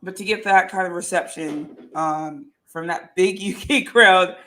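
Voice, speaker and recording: A woman with a slightly low voice co-hosts a relaxed podcast chat. She rambles easily and fills her pauses with um and uh. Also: a little hiss or hum. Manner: relaxed, lots of fillers like um and uh. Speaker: podcast co-host. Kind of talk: casual chat.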